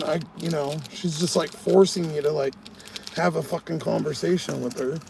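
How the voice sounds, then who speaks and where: A man's voice: on the high side, steady tone, a little fast, vocal fry, background noise. A man chatting casually in a vlog, grumbling and swearing as he tells a story and works outdoors by his vehicle. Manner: grumbling, swears a lot while ranting. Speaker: vlogger.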